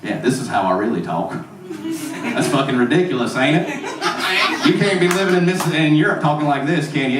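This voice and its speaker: A man puts on a loud, crude Mississippi good ol' boy with a heavy Southern drawl, swaggering and mocking. The sound is roomy and distant, picked up from far back in a noisy club. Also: mid-range voice, close to an everyday voice. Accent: broad Mississippi Southern. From Mississippi, USA.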